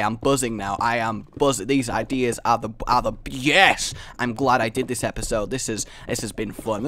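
A young man giving casual, rambling commentary while building in a game, excitable and thinking out loud. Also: medium pitch, dry recording. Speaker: gaming video creator. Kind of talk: casual let's-play commentary.

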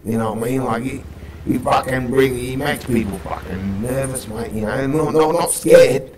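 A man's voice: mid-range voice, steady tone, normal speed, roomy sound, a crowd in the background, rough recording. A man playing a gang leader in a roleplay, rambling, swearing constantly and calling everyone mate. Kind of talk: in-character roleplay chat.

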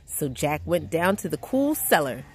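A woman reading a picture book aloud to children in a gentle, expressive storytelling manner. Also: sits low, normal speed, husky. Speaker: children's read-aloud host.

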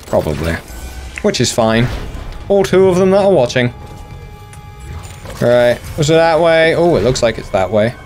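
A man's voice: medium pitch, big pitch swings, moderate pace, pauses often, darkish tone, faint music behind. A young man hosting a gaming channel, chatting casually and mocking himself as he plays. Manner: self-deprecating, sweary, chatty. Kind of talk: casual let's play commentary.

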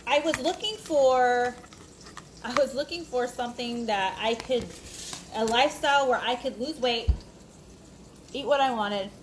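Chatty woman cooking in an echoey kitchen. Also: fairly high pitch. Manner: chatty, rambling, talks while cooking. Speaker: cooking vlogger. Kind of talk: casual live cooking chat. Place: home kitchen. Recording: echoey room with faint noise.

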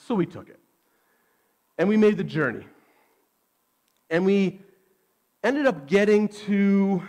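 High-voiced man preaching with lively stories. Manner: animated, self-deprecating storytelling. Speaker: pastor. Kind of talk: sermon storytelling.

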